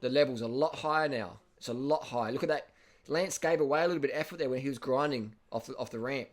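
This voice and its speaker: An Australian man casually commenting over race footage, blunt and excitable, swearing and repeating himself. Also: mid-range voice, fast talker. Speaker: cycling video host.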